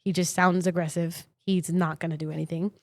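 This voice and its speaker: A woman's voice: fairly low pitch, fairly quick. A woman co-hosting a podcast, telling stories in casual chat and acting out the quotes. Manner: animated, acts out quotes, breaks into silly sung bits. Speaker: podcast co-host.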